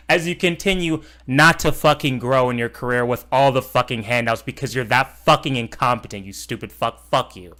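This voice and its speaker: A man streaming a reaction, ranting in a profane, heated and mocking way, swinging between loud outbursts and muttered asides. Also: mid-range voice, normal speed. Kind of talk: casual live-stream reaction rant.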